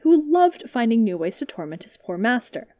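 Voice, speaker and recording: A woman's voice: on the high side, sing-song, normal speed, dark tone, no room sound. Sarcastic young male jedi, wry, audiobook, read by a woman, dry sound.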